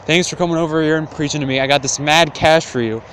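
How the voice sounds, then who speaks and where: A man's voice: on the high side, fairly even intonation, fast, a bit bright, a little hiss or hum, close to an everyday voice. A man voicing a crafty, resentful sick old husband with a grumbling, sly manner.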